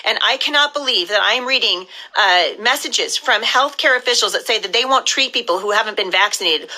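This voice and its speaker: A woman's voice: on the high side, fairly quick, hardly any pauses, bright, forceful tone, low-quality recording. A middle-aged woman from the US Pacific Northwest, giving a fiery, indignant live-stream address as a political candidate.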